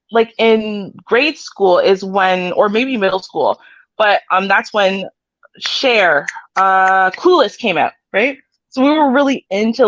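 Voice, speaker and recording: A woman's voice: medium pitch, a bit bright, dry recording, lo-fi sound. A woman from Canada co-hosting a casual live-stream chat, bubbly and giggly, saying "like" a lot. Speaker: co-host.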